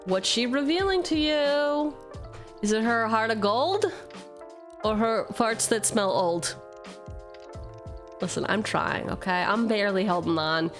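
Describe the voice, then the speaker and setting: Woman streamer, mid-pitch voice, playful and self-mocking, cursing casually, faint music underneath. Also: a little slow, pauses often, a bit bright. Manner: playful, self-mocking, swears freely, jumps between jokes and reading. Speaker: streamer opening card packs. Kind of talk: casual live-stream chatter, reading card text aloud.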